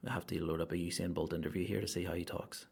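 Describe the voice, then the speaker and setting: Northern Irish male comic, slightly low voice, profane rambling monologue with loud outbursts. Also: level tone, very fast, creaky, slightly rough. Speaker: stand-up comedian and podcast host.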